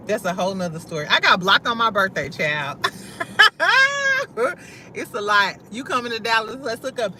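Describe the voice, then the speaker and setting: A young woman from St. Louis hosting a casual livestream, talking loud and slangy, swearing freely and laughing often as she answers her chat. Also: mid-range voice, expressive, moderate pace, pauses often, noisy background. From St. Louis, USA. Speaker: livestream host.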